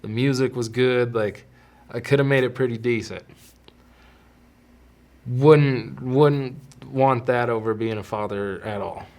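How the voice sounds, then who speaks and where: A young man hosts a podcast and tells personal stories in a loose, candid way. He often restarts his sentences as he goes. His pitch sits in the middle range. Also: steady tone, measured pace, long pauses, darkish tone. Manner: candid, rambling with frequent restarts. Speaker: podcast host. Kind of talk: casual storytelling.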